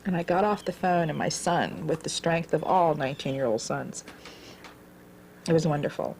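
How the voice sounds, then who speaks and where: A woman in her forties telling her own life story in an earnest, halting way, repeating words as she goes. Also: deep voice, creaky, darkish tone, slight background noise. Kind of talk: personal storytelling.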